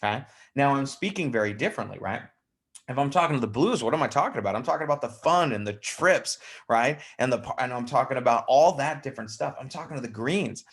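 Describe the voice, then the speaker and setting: A man leading a live network marketing training, talking in a lively way and slipping into quick put-on voices to act out personality types. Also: medium pitch, breathy edge. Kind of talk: live team training talk.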